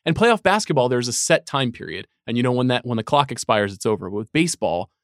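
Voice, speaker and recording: Man pitching a wild sports take, dry studio sound. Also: animated, fast talker, no echo. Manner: argues an outlandish take with mock seriousness. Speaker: podcast panelist. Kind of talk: casual sports debate.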